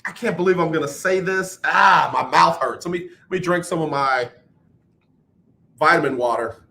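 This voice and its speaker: A man hosting a radio show, talking sports in an animated, rambling monologue and poking fun at his own slips. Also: a little high, normal speed, creaky. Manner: animated, rambling, self-mocking.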